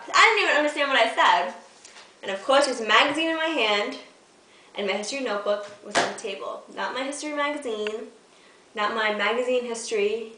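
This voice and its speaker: A woman's voice: fairly high pitch, bright, forceful tone, far from the mic, slight background noise. A teenage girl telling funny stories to the camera in a hyper, giggly, self-mocking way. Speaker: vlogger. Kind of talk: casual storytelling to camera. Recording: echoey room, voice off-mic.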